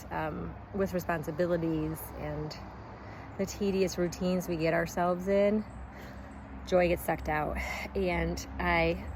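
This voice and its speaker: A woman's voice: lowish voice, a little hiss or hum. Earnest woman in her forties, vlogging. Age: 40s. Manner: earnest, candid, animated bursts of enthusiasm. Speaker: health coach. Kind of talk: casual vlog talk to camera.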